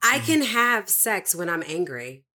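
A woman's voice: fairly low pitch, big pitch swings, pushed and bright. A woman co-hosting a podcast, talking frankly and candidly. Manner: frank and candid, quick to agree. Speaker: podcast co-host. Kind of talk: casual chat.

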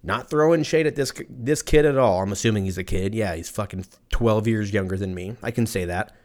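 This podcast host, a man in his thirties, talks briskly in a low, slightly mellow voice. His casual rant wanders, swears freely, and drips with sarcasm.

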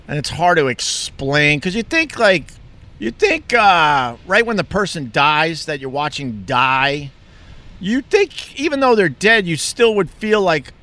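Middle-aged man from Long Island, rambling candid monologue, slightly high bright voice, casual and unscripted. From Long Island, New York. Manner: rambling, candid, swears freely. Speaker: vlogger.

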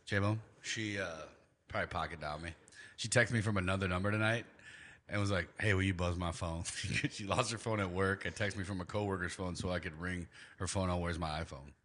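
A man's voice: deep voice, fairly even intonation, brisk, fairly bright tone. A young man co-hosting a podcast in loose, joking, laughing banter. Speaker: podcast co-host. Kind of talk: casual chat.

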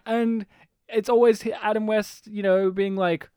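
A man in casual chat, talking fast and animatedly, laughing often and swearing casually. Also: high voice, little pitch movement, dark tone, clean tone, dry recording, clean studio sound. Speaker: podcast co-host discussing a film.

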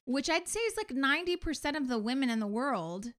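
A woman tells a personal story in casual podcast chat. Her voice sits a bit high. She talks in an animated way and acts out both sides of each conversation. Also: fairly quick. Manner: animated storyteller acting out quoted dialogue. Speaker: podcast co-host.

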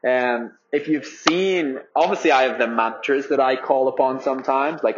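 A man's voice: medium pitch, normal speed, few pauses, highs cut off. A young man from Ireland, a marathon runner, talking casually with lots of fillers and free swearing. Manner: rambling, filler-heavy, swears freely. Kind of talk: casual spoken update.

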